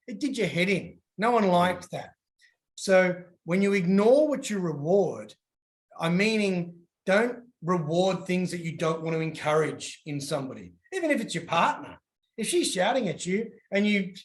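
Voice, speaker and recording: A man's voice: sits high, moderate pace. A man giving casual coaching advice and acting out little voices as he tells stories. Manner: animated, acts out voices in his stories.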